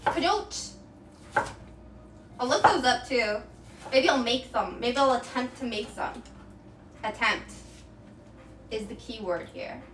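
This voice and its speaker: A high, bright-voiced young woman with a Québécois accent, French her first language, laughs at herself while chatting with her stream. The sound is roomy and picked up from across an echoey home kitchen, with faint noise underneath. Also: animated, a little slow, pauses often. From Quebec. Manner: giggly, self-mocking, chatty with viewers. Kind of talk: casual cooking livestream chat. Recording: echoey kitchen, mic at a distance.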